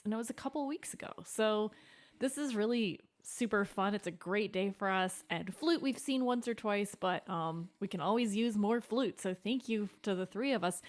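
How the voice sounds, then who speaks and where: Upbeat woman hosting a kids' music show. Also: on the high side. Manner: upbeat, explains patiently, sings note sounds. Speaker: host and cellist. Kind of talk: children's music stream, explaining.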